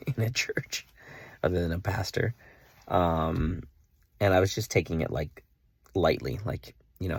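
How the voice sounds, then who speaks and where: A man's voice: sits low, creaky, slightly rough, dry recording. A young man earnestly telling a personal faith story in a casual vlog, with lots of "like" and restarts. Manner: earnest, emotional, full of "like" and restarts. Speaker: vlogger.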